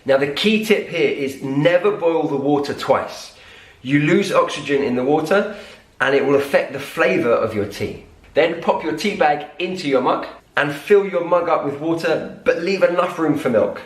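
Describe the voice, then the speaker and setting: A man giving a scripted English lesson, speaking clearly and slowing down to repeat key words. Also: fairly high pitch, animated. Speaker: English teacher. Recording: roomy echo.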